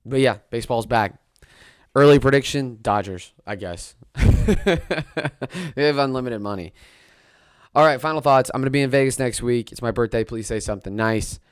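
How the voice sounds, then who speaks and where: A young man hosting a casual solo sports podcast, rambling and excitable, often restarting his sentences. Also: medium pitch, moderate pace, long pauses, smooth, no room sound, studio quality.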